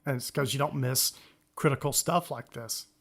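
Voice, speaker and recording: A man's voice: medium pitch, moderate pace, gravelly, fairly bright tone. A man co-hosting a podcast, chatting casually about the news, rambling and chuckling. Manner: rambling, self-interrupting, chuckles often. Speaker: podcast co-host.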